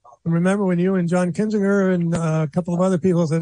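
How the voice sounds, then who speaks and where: A man's voice: high-pitched, fairly even intonation, fast talker, dark tone, dry recording. An older man hosting a radio show, chatting casually and self-deprecatingly, laughing often.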